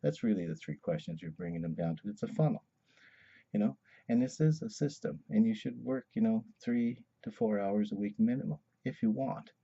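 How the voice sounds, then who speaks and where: A man's voice: medium pitch, expressive, fairly quick, creaky, warm tone, slightly rough, muffled recording. A man giving a casual sales training talk, asking questions as he goes. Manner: conversational, asks many questions.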